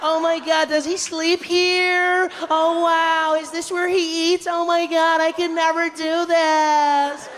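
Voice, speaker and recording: A man voicing clueless tourists who gush and squeal in slow, drawn-out exclamations. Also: very high-pitched, completely flat delivery, a bit bright, pitched above the performer's own voice, heavily acted. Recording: live stage with long reverb.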